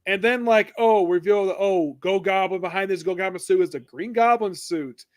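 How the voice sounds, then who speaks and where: A man's voice: high-pitched, moderate pace. A man co-hosting a casual comic book discussion, rambling and hesitant with many restarts. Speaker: podcast co-host.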